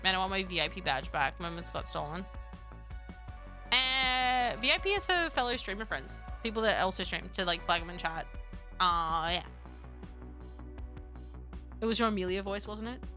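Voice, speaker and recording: Young woman, streamer, casual rambling chat, swears a lot, bright voice, faint music behind. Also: mid-range voice, animated, normal speed, long pauses. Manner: loose, rambling, swears freely.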